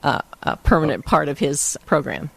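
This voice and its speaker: Gravelly older woman telling stories. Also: low voice, normal speed, no room sound. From Hawaii. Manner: laughs often, lively anecdotes. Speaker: interview guest. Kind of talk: casual storytelling.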